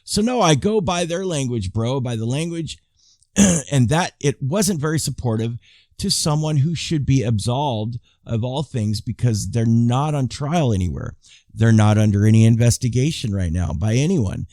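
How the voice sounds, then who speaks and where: A man's voice: mid-range voice, expressive, normal speed, warm tone, no room sound. Rambling man in his fifties, dry sound. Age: 50s. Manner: rambling, with frequent restarts and asides to viewers. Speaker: YouTube commentator. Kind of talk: casual commentary reading viewer emails.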